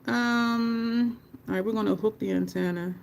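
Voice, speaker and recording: A woman's voice: a little high, steady tone, a little slow, creaky, slight background noise. A woman chatting casually on a livestream while doing her makeup, swearing freely, laughing often and talking to her chat.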